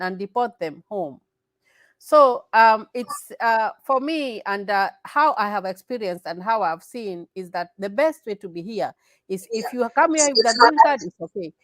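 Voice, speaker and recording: A woman's voice: fairly high pitch, fairly bright tone, no room sound, low-quality recording. Earnest Kenyan-born woman, dry close sound. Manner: earnest, repeats herself, laughs often. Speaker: interview guest. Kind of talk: casual interview conversation.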